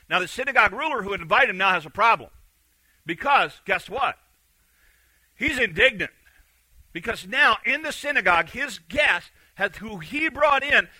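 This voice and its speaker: A man preaching a sermon, animated and acting out the quotes he reads, swinging between loud and hushed. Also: sits high, no room sound, rough recording.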